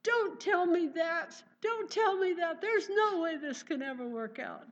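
A woman preacher voicing a distraught, grieving mother who cries out in high, loud, pleading bursts. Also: lively intonation, unhurried, a little hiss or hum. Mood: anguished. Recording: dull lo-fi recording.

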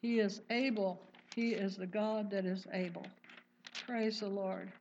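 A woman's voice: mid-range voice, steady tone, unhurried, a little mellow, a little hiss or hum. A woman teaching a Bible study in an earnest sermon style, reading verses and often saying praise. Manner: earnest, exclaims "Praise the Lord". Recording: dull lo-fi recording.

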